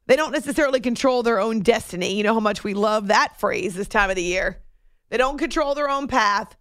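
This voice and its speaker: A woman hosts a sports talk show with a somewhat high voice. She is chatty and playful, tossing off joking asides. The sound is dry and close. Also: a little fast, a bit bright, dry recording.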